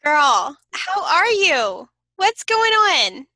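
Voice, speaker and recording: Bubbly high-voiced woman podcast host. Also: very animated, extremely slow, bright, forceful tone, no room sound, rough recording. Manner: gushing, enthusiastic, emphatic. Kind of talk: casual chat interview.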